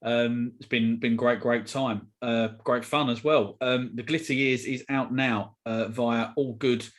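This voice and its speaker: A man's voice: mid-range voice, steady tone, unhurried. A man hosting a podcast, chatting casually with lots of ums and easy laughter. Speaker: podcast host. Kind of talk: casual interview chat.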